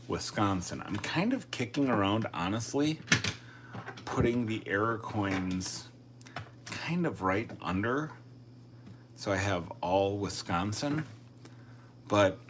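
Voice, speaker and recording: Deep-voiced man chatting on a live stream. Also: noisy background. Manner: chatty, thinks aloud, self-deprecating. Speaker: coin collecting live streamer. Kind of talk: casual live stream chat.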